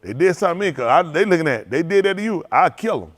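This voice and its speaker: A man's voice: on the high side, lively intonation, very fast. A man preaching in a folksy storytelling sermon, laughing often and repeating phrases as he acts out quotes. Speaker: pastor.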